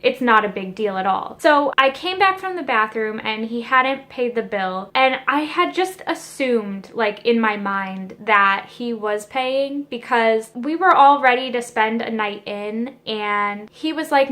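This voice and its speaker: Animated young woman telling a story. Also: on the high side, a little slow. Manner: animated, indignant storytelling with many asides. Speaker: beauty vlogger. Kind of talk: storytime vlog.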